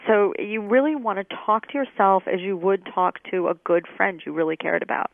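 A woman's voice: medium pitch, expressive, fast talker, few pauses, no echo. A woman guest expert explaining things in a conversational way, thoughtful, with many fillers and restarts. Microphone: telephone. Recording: dry tinny phone line.

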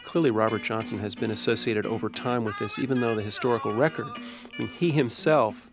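Gravelly-voiced man, discursive guest. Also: on the low side, brisk, over music. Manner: thoughtful, discursive, hedging. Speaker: university professor, guest. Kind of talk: radio interview answers.

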